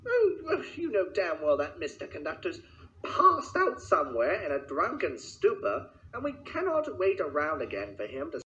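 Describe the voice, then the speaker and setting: Brief: shrill posh wife put on by a man, high and swooping, bright, lo-fi recording. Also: very animated, unhurried, hardly any pauses, roomy sound, heavily acted. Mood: scolding. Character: shrill scolding upper-class wife.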